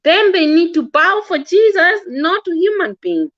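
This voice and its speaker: A woman's voice: very high voice, sing-song, unhurried, dry recording, lo-fi sound. A woman giving impassioned religious-political commentary, earnest and scolding, often repeating and stumbling over words. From Kenya.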